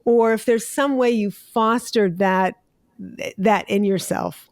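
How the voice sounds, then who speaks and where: A woman's voice: mid-range voice, takes it slowly, a little mellow, dry recording, clean studio sound. A woman hosting an interview as a public speaking coach, asking questions in an encouraging, affirming way. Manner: encouraging, affirming, with fillers like "you know". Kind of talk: conversational interview.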